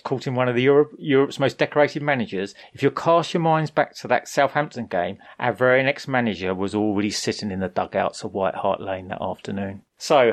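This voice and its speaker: A man co-hosting a casual football podcast, telling a story in a chatty way with sarcastic asides. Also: medium pitch. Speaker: podcast co-host.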